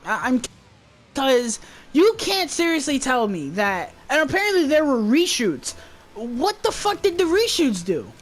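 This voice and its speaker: A woman's voice: high voice, big pitch swings, a little slow. A woman giving a casual movie review, rambling and swearing in an exasperated rant. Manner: rambling, profane, exasperated ranting.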